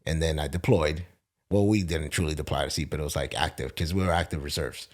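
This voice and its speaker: A man with a very low voice chats loosely on a podcast. He tells long stories full of swearing and acts out other people's lines. His delivery is animated and relaxed. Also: fast talker. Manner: profane, animated storytelling with acted quotes. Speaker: podcast host, Marine veteran. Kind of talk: casual podcast chat.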